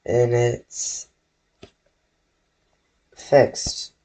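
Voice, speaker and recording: A man talks his viewers through a drawing on a live stream, in an unhurried, rambling way with frequent self-corrections. His pitch sits in a middle register, and he speaks from his bedroom into a desk mic. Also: level tone, mellow. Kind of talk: casual live-stream chat while drawing.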